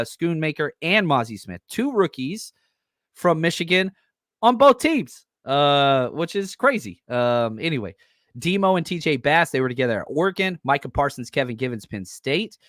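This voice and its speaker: A man's voice: medium pitch, moderate pace, no room sound, studio quality. A man hosting a sports podcast in a casual, enthusiastic way, with many ums and uhs. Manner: enthusiastic, excitable, loose with fillers. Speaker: podcast host.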